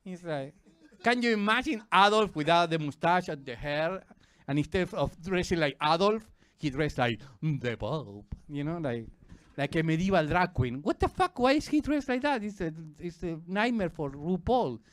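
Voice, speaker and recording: A stand-up comedian with an Argentine Spanish accent works the club crowd, his voice high and bright with a sharp edge. He swings all over his range, leaping into shrieking cartoonish voices for his bits. The mic sound is dry and close. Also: normal speed, clean tone, dry recording. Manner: animated, jumps into shrieking high silly voices.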